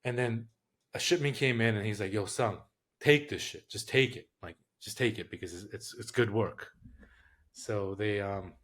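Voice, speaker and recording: A man, a podcast guest telling a story in a casual, profane, streetwise way. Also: lowish voice.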